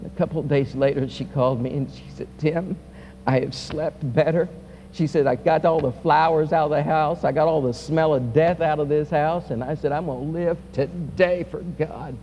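A male pastor preaching a sermon, swinging from loud, impassioned peaks to quiet, soft passages. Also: on the high side, steady tone, normal speed, highs cut off. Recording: reverberant hall with faint hum.

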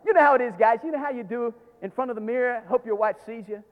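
A middle-aged man, preaching a sermon as a pastor, telling stories dramatically and swinging from hushed tones to shouts. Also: extremely high pitch, fast, dull audio. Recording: long hall reverb.

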